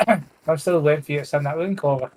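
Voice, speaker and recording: A man's voice: a little high, normal speed, background noise. A man chatting casually with his co-player while gaming, in short, dry remarks.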